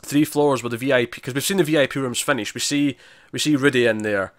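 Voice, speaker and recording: A man's voice: mid-range voice, fast talker, no echo. Guy retelling a tv episode, chatty and jumpy, laughs a lot, dry close sound. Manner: animated retelling, laughs often, many restarts. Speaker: podcast co-host. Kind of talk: casual TV recap chat.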